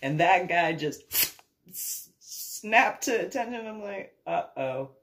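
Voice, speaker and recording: A woman's voice: medium pitch, lively intonation, slow pace, fairly bright tone. A woman and army veteran telling a story in a casual way, laughing often and acting out every voice.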